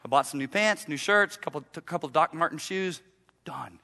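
A male pastor preaching a sermon, lively and theatrical, acting out his listeners' excuses and then dropping to a quiet, intent voice. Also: on the high side, a little fast, vocal fry. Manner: animated preaching, mock voices of listeners, sudden drops to quiet. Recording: long reverb of a large hall.

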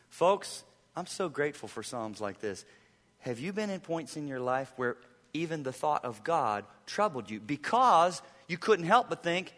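A male pastor preaching a sermon, swinging between hushed, slow asides and impassioned, rising appeals. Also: on the high side, sing-song, long reverb tail.

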